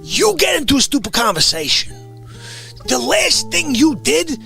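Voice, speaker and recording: A man hosting a live stream, ranting comically at his chat, swinging between shouting and hushed asides. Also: very high-pitched, sing-song, normal speed, gravelly, soft background music. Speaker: livestream host. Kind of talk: comedic live-stream rant.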